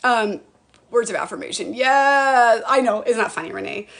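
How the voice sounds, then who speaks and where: A woman's voice: a little high, normal speed, creaky, a bit bright. A middle-aged woman chatting casually on a home live stream, bubbly and talkative, greeting viewers by name.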